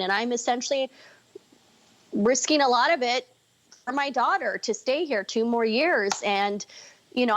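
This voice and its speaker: A woman in her forties talking candidly and emotionally as a podcast guest, rambling with many fillers. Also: on the high side. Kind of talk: casual, candid conversation.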